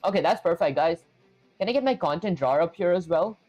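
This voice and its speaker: A live-stream coder talks through their work in a relaxed, running commentary at a mid-range pitch. They think out loud and keep dropping "okay" and "let's go ahead" between steps. Soft music plays quietly underneath. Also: quick pace, lo-fi sound.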